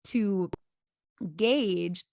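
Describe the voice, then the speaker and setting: A middle-aged woman co-hosting a casual faith podcast, animated and laughing often as she tells stories. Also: medium pitch, extremely slow, gravelly, no room sound, studio quality. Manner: animated, laughs often, acts out quoted voices. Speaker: podcast co-host. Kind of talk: casual chat.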